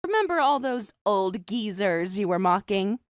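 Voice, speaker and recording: A young woman voicing a calm, mocking designer who also narrates the story in first person. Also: medium pitch, no room sound, studio quality, lightly acted. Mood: cold mocking. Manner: cool, mocking, measured.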